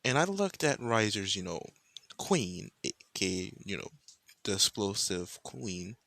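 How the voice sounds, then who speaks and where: Brief: young male storyteller, rambling and foul-mouthed, low voice but lively, bright tone, dry close sound. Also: a little slow, gravelly, no echo. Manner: casual, rambling and profane, heavy slang. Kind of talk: improvised fan-fiction storytelling.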